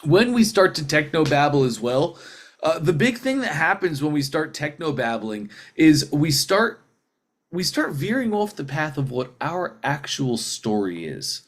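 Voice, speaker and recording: A man coaching a group in a casual teaching talk, telling stories in a lively, rambling way and acting out what people said. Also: on the high side, measured pace. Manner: animated storyteller who acts out quotes; loose and rambling, with restarts. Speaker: sales training coach.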